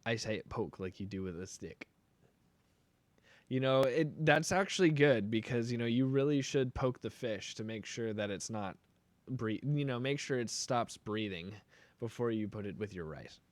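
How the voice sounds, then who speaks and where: A man's voice: mid-range voice, animated, normal speed, no room sound. A young man chatting casually on a live stream while making beats, joking and rambling playfully.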